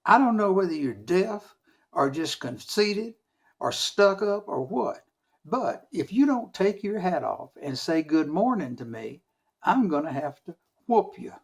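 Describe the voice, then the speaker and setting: A man voicing a proud, talkative male rabbit trickster in a folk tale, loud and indignant, wheedling when caught. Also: high voice, expressive, moderate pace, husky, exaggerated voice. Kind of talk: storytelling with character voices.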